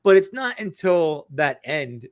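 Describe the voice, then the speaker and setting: Guy chatting fast and excited on a livestream, bit higher voice, dry close mic. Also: no room sound. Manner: quick, animated, repeats words. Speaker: guest. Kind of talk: casual livestream chat.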